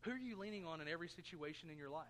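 A man's voice: a little high, animated, very fast, a bit bright, long reverb tail. A man preaching a sermon as pastor, earnest, asking his congregation questions and throwing in jokes. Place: church sanctuary.

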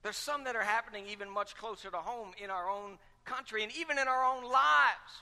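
A man's voice: sits high, a little fast, sharp tone. A man pastor preaching a sermon with fervent, repetitive rhetorical questions. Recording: long reverb of a large hall.

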